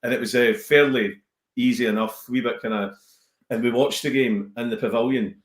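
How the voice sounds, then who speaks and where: A Scottish man, a comedian, chatting casually on a podcast as an animated storyteller who slips into voices. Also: medium pitch, moderate pace, echoey room. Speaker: comedian guest.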